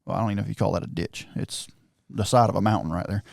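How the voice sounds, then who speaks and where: Animated man with a gravelly low voice. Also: rapid-fire, dry recording, clean studio sound. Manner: excited, animated storyteller, acts out quotes. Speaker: podcast host telling a hunting story. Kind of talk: casual storytelling chat.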